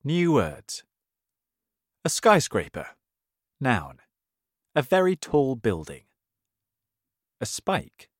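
A man reading a children's story aloud as a graded-reader narrator, clear and deliberate. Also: medium pitch, huge pitch swings, no room sound, clean studio sound. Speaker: audiobook narrator.

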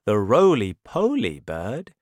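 Slow, deep-voiced woman reading aloud. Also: wildly swooping pitch, a little mellow, dry recording, studio quality. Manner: slow, clear, deliberate. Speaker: reader. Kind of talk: slow read-aloud English lesson story.

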